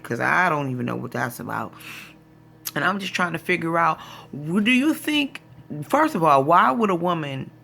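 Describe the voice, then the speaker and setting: A woman's voice: deep voice, vocal fry, a bit bright, a little hiss or hum. A woman vlogger telling a story in a casual, exasperated rant, acting out what people said to her. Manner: exasperated, retells conversations in quoted voices.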